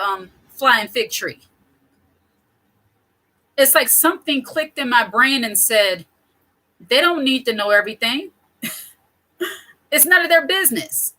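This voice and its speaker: A woman in her thirties talks straight to her viewers in a loose, candid way, stopping to correct herself and laughing softly along the way. Her voice sits a touch high, with a bright, forceful edge. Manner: candid, chatty, self-correcting with small laughs. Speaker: channel host. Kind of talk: casual talk to camera.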